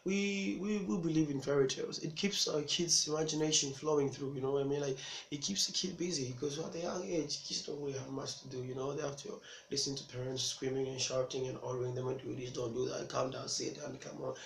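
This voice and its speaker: A man from Africa doing stand-up, telling a story in an animated, chatty way and laughing at his own jokes. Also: on the high side, fast, a little hiss or hum. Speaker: stand-up comedian. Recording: roomy echo with faint ambience.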